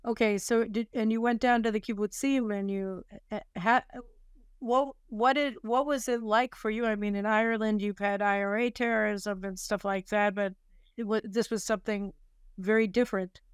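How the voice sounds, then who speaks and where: A woman's voice: medium pitch, steady tone, moderate pace, clear, resonant tone, no echo, clean studio sound. A woman hosting an interview, asking probing questions with short restarts. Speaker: interview host.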